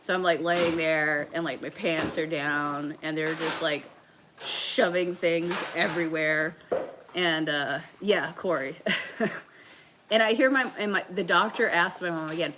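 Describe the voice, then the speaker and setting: Speaking a little slowly in a deep, steady voice over background noise, a livestream host from the Southern United States tells a story while sick with a bug. She's casual about it, peppering her talk with fillers and swearing.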